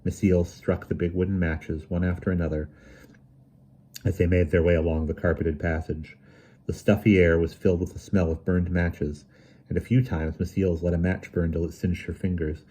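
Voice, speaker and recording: A man reading a children's mystery novel aloud in steady, measured narration. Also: sits low, breathy edge. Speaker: audiobook reader. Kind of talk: storybook narration.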